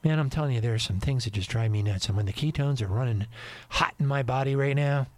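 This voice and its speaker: A man hosting a radio show, ranting in an indignant monologue that swings between loud and quiet. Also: medium pitch, quick pace, no echo.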